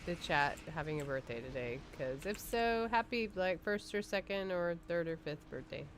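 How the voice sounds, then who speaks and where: A woman's voice: on the low side, expressive, normal speed, slight background noise. A woman co-hosting a podcast, chatting casually and giggling while playing a game on a livestream. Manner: giggly, chatty, lots of fillers. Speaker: podcast co-host.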